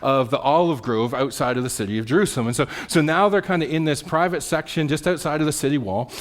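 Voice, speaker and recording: A man's voice: a little high, fast. A man preaching a sermon as pastor, telling the story with animation, repeating words and checking in with "right?". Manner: repeats words and restarts mid-phrase.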